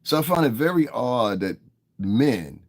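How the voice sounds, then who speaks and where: A man with a mid-range voice and big swings in pitch speaks at a measured pace while hosting a stream. Talking straight to chat, he delivers an angry, expletive-laden rant at his audience.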